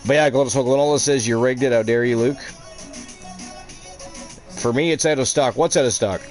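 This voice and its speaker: A man's voice: medium pitch, moderate pace, darkish tone, faint music behind. A man hosting a casual livestream, commentating on a wrestling video game with announcer-style flourishes, jokes and plenty of swearing. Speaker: stream host and commentator.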